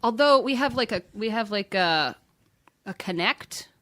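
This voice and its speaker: A woman's voice: medium pitch, expressive, a little slow, fairly bright tone. A woman chatting as a podcast guest, laughing often and trailing off with fillers. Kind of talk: casual chat.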